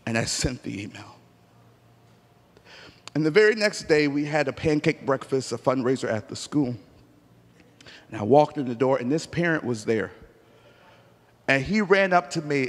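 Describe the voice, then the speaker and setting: A man preaching a sermon, telling stories with acted-out dialogue and rising to emphatic near-shouts. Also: mid-range voice, animated, normal speed, pauses often. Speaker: pastor. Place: church sanctuary. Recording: long church hall reverb.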